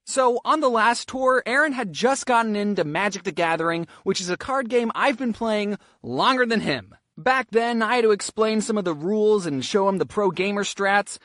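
A young man narrating a scripted comedic storytime with deadpan jokey asides. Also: high-pitched, normal speed, hardly any pauses, dry recording, clean studio sound. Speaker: storytelling YouTuber.

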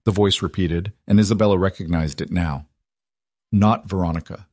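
Brief: male audiobook narrator, steady dramatic storytelling, low pitch, dry booth sound. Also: normal speed, dry recording.

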